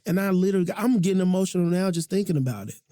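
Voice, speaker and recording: Recorded in a studio without room sound, this podcast host has a high-pitched, mellow voice and talks very fast. His heartfelt talk is casual, slangy and passionate, and he often says things more than once.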